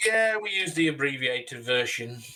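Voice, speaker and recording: A British man speaks in a dry, matter-of-fact way during a casual build session. His voice is bright and edged, his pitch moves lively up and down, and he talks at an unhurried, slow pace. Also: far from the mic. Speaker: model builder. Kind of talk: casual chat while building.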